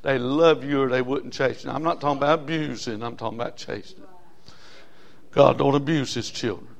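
Preaching briskly in a medium-pitched voice touched with vocal fry, a middle-aged man addresses his congregation. He calls out for amens and varies his delivery from loud to soft.

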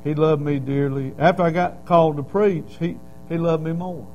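Preacher, man, middle-aged, high voice, folksy storytelling, swells into fervent cries. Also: fairly even intonation, normal speed, darkish tone, muffled recording, a little hiss or hum. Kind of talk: sermon.

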